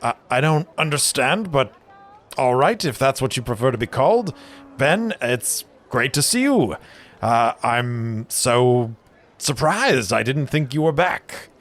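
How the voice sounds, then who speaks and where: A man's voice: animated, unhurried, a bit bright. A man voicing a jovial, hearty male brewer who greets an old friend effusively. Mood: warm hearty. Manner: booming, effusive.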